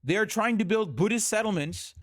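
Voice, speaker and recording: A man streaming a heated reaction, talking fast and repeating himself. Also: high voice, dry recording, studio quality.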